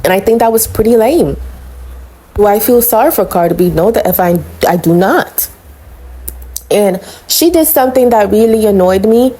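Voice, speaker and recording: A woman's voice: mid-range voice, lively intonation, normal speed, warm tone, husky, low-quality recording. A woman vlogging celebrity gossip in a casual, blunt and sassy way, calling out people and addressing viewers as honey. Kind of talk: casual opinionated commentary.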